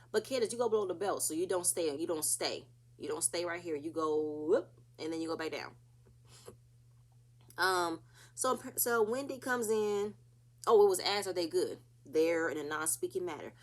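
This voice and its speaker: A woman casually recapping a reality TV episode, chatty and opinionated, acting out what the cast said. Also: mid-range voice.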